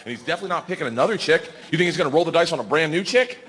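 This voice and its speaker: A man doing a stand-up comedy set, animated and storytelling, acting out voices and bantering with the crowd. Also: a little high, racing, hardly any pauses. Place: comedy stage before a live audience. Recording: live show with audience laughter and background noise.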